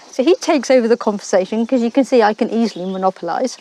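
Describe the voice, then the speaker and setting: A middle-aged woman from the United Kingdom tells a missionary story, animated and quick to laugh. Her voice sits a little high. Faint noise runs underneath. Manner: animated, laughs often while telling a story. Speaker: missionary guest. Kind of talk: storytelling in a faith talk show.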